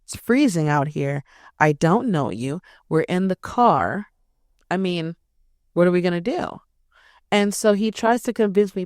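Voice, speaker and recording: A woman's voice: fairly low pitch, animated, unhurried, a little mellow, no room sound, studio quality. Blunt, profane woman podcast host. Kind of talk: casual storytelling.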